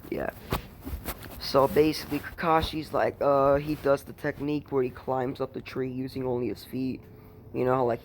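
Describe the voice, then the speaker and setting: A man's darkish, mid-range voice carries a rambling, profane retelling of a fan story, full of fillers. He's talking casually in a room at home, and the recording has a faint hiss or hum.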